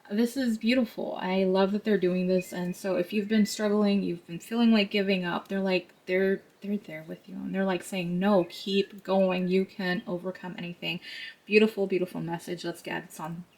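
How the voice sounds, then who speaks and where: A woman giving a tarot card reading to her viewers, talking in a chatty, earnest way with many fillers and asides. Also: medium pitch.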